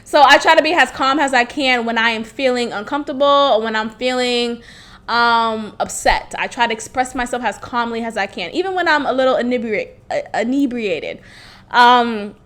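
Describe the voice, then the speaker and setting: A woman's voice: a little high, moderate pace, a bit bright. A young woman hosting a podcast, telling a candid story in a blunt, profane way and laughing often. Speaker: podcast host.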